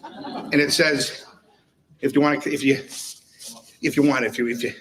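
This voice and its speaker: A man's voice: medium pitch, fairly even intonation, normal speed, a bit bright. A man giving a humorous retirement tribute speech, chuckling his way through anecdotes. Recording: voice heard from a distance.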